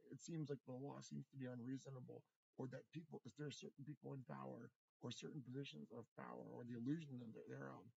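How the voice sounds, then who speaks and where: A man's voice: medium pitch, creaky, a little mellow, slightly rough, no room sound. A man in a rambling, profane livestream monologue, stumbling over his words and repeating himself, recorded in his room at home. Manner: rambling, profane, with many restarts and stammered repeats. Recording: dull lo-fi, dry sound.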